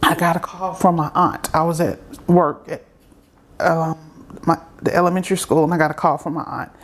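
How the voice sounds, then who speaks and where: A woman's voice: low voice, little pitch movement, normal speed. A grown woman, a guest in an interview, telling a personal story earnestly and acting out the voices of the people she quotes. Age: adult, grown.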